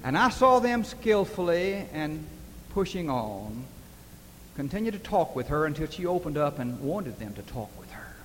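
Heard from afar in an echoing hall with faint hiss, a man delivers a sermon in a fairly high, sing-song voice at normal speed. He tells stories with earnest feeling and works up to emphatic questions.

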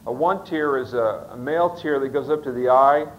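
A man telling a story in a sermon, folksy and rambling, often stopping on fillers and restarting his sentences. His voice sits at a medium pitch. A faint noise runs under the recording. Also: moderate pace, lo-fi sound. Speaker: pastor.

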